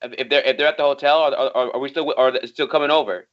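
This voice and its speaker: A man's voice: mid-range voice, steady tone, racing, fairly bright tone, a little hiss or hum. Chill guy playing a tabletop game, slangy and easygoing, muffled sound. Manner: laid-back, slangy. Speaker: player. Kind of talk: in-character tabletop banter. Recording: dull lo-fi sound.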